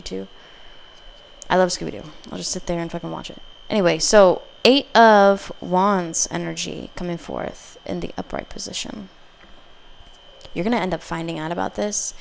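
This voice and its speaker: Brief: a woman doing a casual tarot reading, rambling and profane, with a gravelly low voice. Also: slight background noise. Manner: blunt, profane, rambling, with acted quotes. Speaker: tarot reader.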